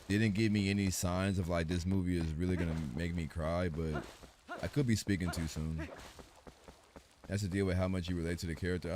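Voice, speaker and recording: A man's voice: low voice, darkish tone, slight background noise. A young man streaming, chatting casually in a rambling, slangy way full of fillers.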